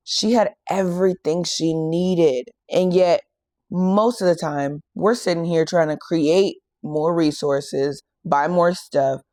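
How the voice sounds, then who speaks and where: A woman hosting a faith and fitness channel who retells a Bible story in a casual, animated way and acts out the quoted lines. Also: on the low side, no echo, clean studio sound.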